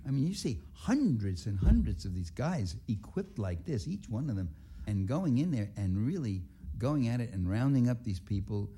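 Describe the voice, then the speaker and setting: A man's voice: medium pitch, big pitch swings, moderate pace, warm tone, breathy edge. A man, a writer giving a public talk, telling rambling and indignant anecdotes full of restarts and asides. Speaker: writer and activist speaker.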